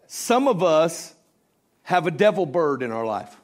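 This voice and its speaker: A man preaching a sermon, telling a story and building to loud, emphatic peaks. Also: a little high, sing-song, measured pace.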